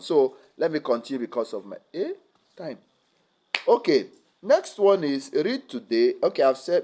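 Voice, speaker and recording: A young man speaking at a student seminar, lively and teasing, often checking whether the audience follows. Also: fairly high pitch. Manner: lively, teasing, asks the audience rhetorical questions. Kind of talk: motivational academic seminar talk.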